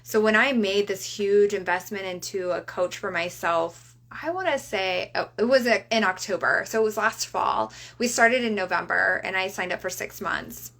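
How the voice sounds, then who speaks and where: A woman coach in a casual motivational talk, often asking "right?", who slows down to lead guided breathing. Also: medium pitch, vocal fry, fairly bright tone. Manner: chatty, tags sentences with "right?"; leads slow guided breathing. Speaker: reiki coach.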